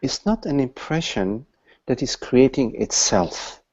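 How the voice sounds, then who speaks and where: A man leading a satsang, explaining patiently and haltingly to a questioner, with many restarts. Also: medium pitch, very animated, a little mellow, highs cut off. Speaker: satsang teacher. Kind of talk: spiritual dialogue with a questioner.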